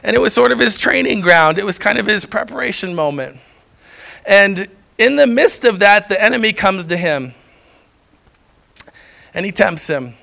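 A man's voice: high-pitched, animated, normal speed, vocal fry, pauses often, sharp tone. A middle-aged man preaching a sermon in a conversational way, often chuckling and acting out the voices he quotes.

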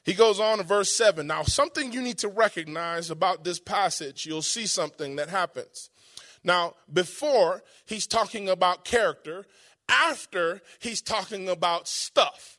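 A man preaching a sermon in an emphatic, conversational way, slowing down for quoted scripture and pausing for effect. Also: high-pitched, sharp tone.

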